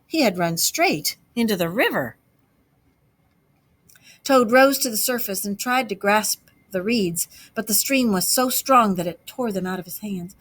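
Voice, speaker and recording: Woman teacher reading a story out loud to kids, expressive, mid-pitch voice. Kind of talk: storybook read-aloud narration.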